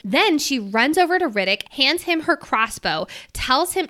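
A woman co-hosting a book podcast, talking excitedly and swearing, acting out lines from the story. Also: sits high, normal speed, hardly any pauses. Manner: excited, swearing, acts out quotes. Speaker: podcast co-host. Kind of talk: casual book discussion.

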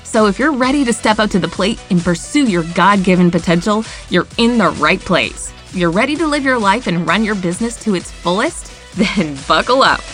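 A woman announces a podcast intro with upbeat, promotional energy. Her voice sits at a middle pitch, and soft music plays quietly behind her. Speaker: show announcer. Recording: voice-over with faint music behind. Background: faint music.

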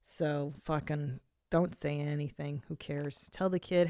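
A woman's voice: low voice, steady tone, normal speed, gravelly, warm tone. A woman hosting a comedy podcast, chatting loosely and profanely and reading out listener messages with laughs. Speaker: podcast host.

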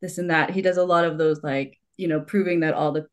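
A woman's voice: low voice, steady tone, a little fast. A woman in her forties in casual conversation, talking in long rambling stretches with restarts and laughter. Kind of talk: conversational podcast talk.

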